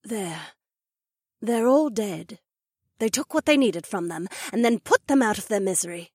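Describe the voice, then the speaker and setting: A proud she-wolf duchess, voiced by a woman, speaks in a husky, measured way. Her tone stays grave and knowing while her pitch moves in lively swings. The sound is dry and close, as in an audiobook dialogue reading. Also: dry recording. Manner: measured, serious explaining.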